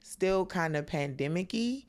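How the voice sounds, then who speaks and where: A woman, a comedian appearing as a podcast guest, talks casually and retells stories in an animated way, using a lot of "like" fillers. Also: on the low side, a little slow. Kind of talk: casual chat.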